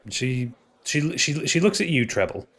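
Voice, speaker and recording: A man's voice: mid-range voice, big pitch swings, moderate pace, a bit bright. A man narrating as game master of a tabletop game, often stopping and repeating words.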